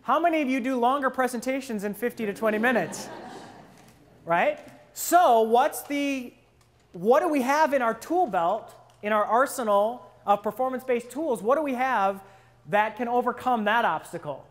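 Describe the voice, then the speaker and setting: A man training people in presentation skills at a live workshop, quizzing the audience with questions and acting out listeners' wandering thoughts in a lower voice. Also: lively intonation, moderate pace.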